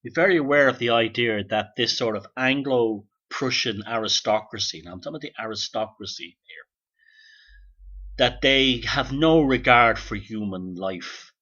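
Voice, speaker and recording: A man's voice: medium pitch, moderate pace, bright, forceful tone, lo-fi sound. A man hosting a solo podcast, rambling and sardonic, with casual swearing. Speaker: host.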